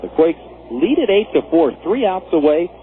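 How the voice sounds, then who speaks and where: Guy from wisconsin calling a ballgame, chatty stories between pitches, thin phone-ish radio sound with hiss. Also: moderate pace. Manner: relaxed storytelling between calls. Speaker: play-by-play announcer. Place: press box at a ballpark. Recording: narrow phone-like radio broadcast with noise.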